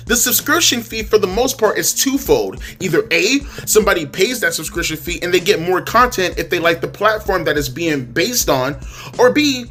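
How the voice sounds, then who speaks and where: A man's voice: high voice, a bit bright. A man ranting heatedly in a profane, exasperated commentary monologue, repeating words as he talks. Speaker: wrestling commentary youtuber.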